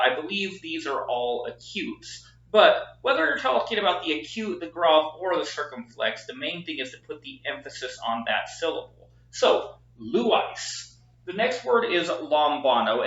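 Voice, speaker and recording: A man's voice: on the high side, a bit bright. Man, teacher, patient explanations, echoey classroom, dull lo-fi recording. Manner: explains patiently, repeats words slowly with stress. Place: classroom with a whiteboard. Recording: echoey room, dull lo-fi sound.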